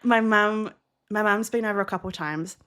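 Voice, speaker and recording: A woman's voice: mid-range voice, a little fast, clean tone. A woman with a New Zealand accent co-hosting a podcast, telling stories in a casual chat and acting out the people she quotes. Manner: animated storyteller, acts out quoted voices. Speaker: podcast co-host.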